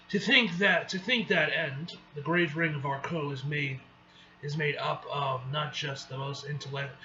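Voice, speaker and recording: A man's voice: a little high, sharp tone. A man reading a comic aloud in a casual way, often stumbling and restarting words. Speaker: comic reaction vlogger. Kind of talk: casual read-aloud with asides. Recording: dull lo-fi with faint hiss.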